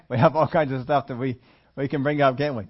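A man's voice: medium pitch, dull audio. A man preaching a sermon in church, asking the congregation questions and acting out the doubts of believers. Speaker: pastor.

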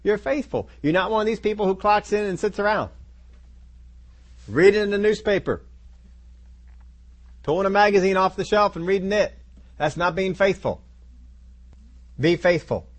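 A man's voice: high-pitched, moderate pace, long pauses. A man preaching a sermon, speaking in emphatic, repetitive declarations to his congregation.

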